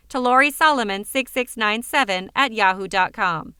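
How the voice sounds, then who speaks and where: A woman narrating an audiobook in a measured, clear storytelling manner. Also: a little high, bright, forceful tone, dry recording, studio quality.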